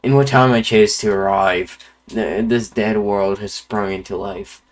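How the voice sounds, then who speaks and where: A man's voice: fairly low pitch, steady tone, close to an everyday voice. Quirrell, a man doing an Irish-accented bug explorer. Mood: musing. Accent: put-on Irish. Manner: reading aloud with halting slips. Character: curious wandering male bug explorer, genteel. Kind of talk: reading game dialogue aloud.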